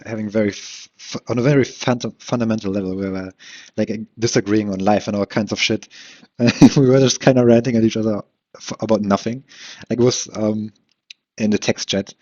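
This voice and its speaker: A young man rambles through a solo podcast with a fairly low voice. He talks loosely, full of fillers, restarts, swearing and laughs. The home mic sounds dull and lo-fi. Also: a little mellow. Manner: swears casually.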